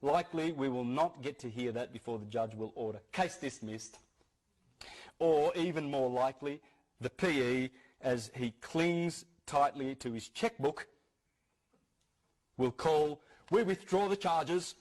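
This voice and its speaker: A man's voice: mid-range voice, measured pace, a little mellow. A man giving a talk to an audience, earnest, repeating key phrases and restarting his sentences often. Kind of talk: lecture-style talk to an audience.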